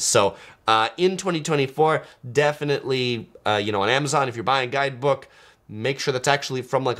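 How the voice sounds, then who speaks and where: A man hosting a travel livestream, talking casually and answering viewer comments, with a relaxed, chatty delivery full of "uh" fillers. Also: lowish voice. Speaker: travel channel host.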